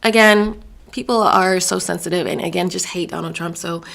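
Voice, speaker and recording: A woman's voice: lowish voice, steady tone, moderate pace, gravelly, fairly bright tone. A woman from Virginia hosting her own show, giving an emphatic opinion monologue and often stumbling over words and restarting. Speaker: show host.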